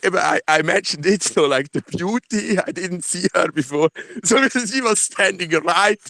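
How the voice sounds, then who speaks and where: Halting Swiss German-accented man on a call. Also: sits high, sharp tone, no echo. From Switzerland. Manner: halting, many fillers and restarts, laughs often. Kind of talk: casual phone call debrief. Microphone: phone.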